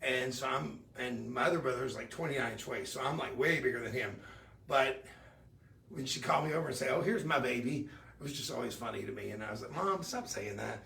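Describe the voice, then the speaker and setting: A man's voice: mid-range voice, fast, gravelly, bright, forceful tone, roomy sound, recorded from a distance. A middle-aged man hosting a live jewelry sales stream, chatty and upbeat, weaving in personal stories. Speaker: shopping channel host.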